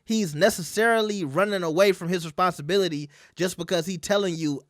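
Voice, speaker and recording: High-voiced chatty man, dry close sound. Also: fairly quick, a bit bright, no room sound. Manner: chatty, conversational, keeps asking the audience. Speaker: commentary channel host. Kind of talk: casual commentary reading out text messages.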